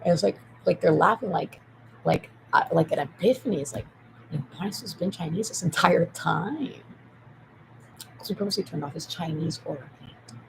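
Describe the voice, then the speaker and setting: A speaker in a rambling monologue while typing, repeating points emphatically and swinging between whispers and loud outbursts. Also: mid-range voice, moderate pace, vocal fry, a little hiss or hum, rough recording. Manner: repetitive, emphatic.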